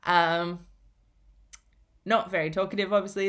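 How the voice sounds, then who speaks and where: Patient woman teacher, lowish voice. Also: unhurried, fairly bright tone. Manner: patient, explanatory, repeats key points. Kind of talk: recorded lesson on reading a novel.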